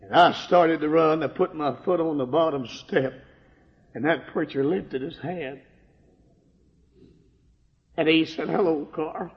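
A man's voice: fairly high pitch, slow pace, pauses often. Older man, preacher testimony, impassioned, dull recording, long church hall reverb. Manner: impassioned, swings from hushed to shouting. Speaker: preacher giving his testimony. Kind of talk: sermon testimony.

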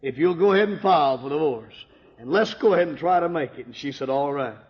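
A man from Michigan with a voice on the high side preaches his testimony in a church sanctuary, speaking quickly with lively intonation. Full of emotion, he quotes dialogue and builds to cries at the peaks. The recording has a dull, lo-fi sound in a reverberant hall.

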